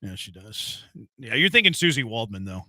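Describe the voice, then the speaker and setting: A man's voice: lowish voice, very animated, moderate pace, sharp tone, dry recording. A man hosting a sports radio show, joking around in playful, casual banter with his co-host. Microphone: studio microphone.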